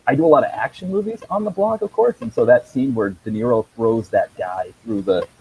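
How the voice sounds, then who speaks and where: A man's voice: mid-range voice, brisk, lo-fi sound, a little hiss or hum. A man on a video call chatting about his movie blog, rambling with many ums and chuckles. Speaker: movie blogger guest. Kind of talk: casual video call chat.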